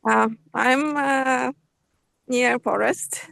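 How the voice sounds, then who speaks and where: Gravelly-voiced woman student outdoors. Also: high-pitched, fairly even intonation, very slow, fairly bright tone. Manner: hesitant, short answers, clears throat. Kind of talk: speaking practice in a lesson. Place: outdoors near a forest, pushing a pram.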